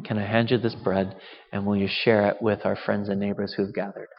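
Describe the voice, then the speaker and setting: A man's voice: lowish voice, little pitch movement, brisk. A male pastor giving a conversational communion sermon, asking rhetorical questions. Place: church. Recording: dull reverberant hall sound.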